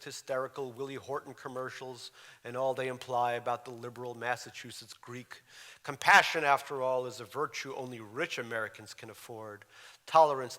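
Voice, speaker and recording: A man's voice: mid-range voice, bright, forceful tone. A man in his forties, born in Russia, reading aloud from his memoir with wry, dry humor. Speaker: author. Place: lecture hall. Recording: reverberant lecture hall.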